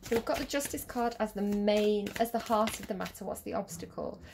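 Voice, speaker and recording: Woman tarot reader, casual, chatty, giggly, mid-pitched, lots of ums. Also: fairly quick, noisy background. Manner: chatty, giggly, rambling with many fillers.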